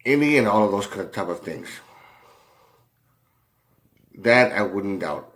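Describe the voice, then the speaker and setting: A man telling a rambling story in a casual way, halting often, with many fillers and restarts and a lot of swearing. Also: fairly low pitch, expressive, fairly bright tone. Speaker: commentator.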